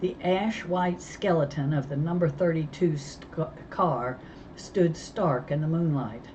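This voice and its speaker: Low-voiced woman reading a storybook slowly. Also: a little mellow. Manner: measured, unhurried reading with small stumbles. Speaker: reader. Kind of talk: reading a novel aloud. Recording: dull lo-fi with faint hiss.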